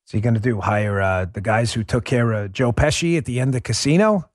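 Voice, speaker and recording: A man from New York City hosting a podcast, delivering a heated, sarcastic political monologue that rises into shouts. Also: mid-range voice, brisk, dry recording, studio quality. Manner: combative, sarcastic, rising to shouts. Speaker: podcast host.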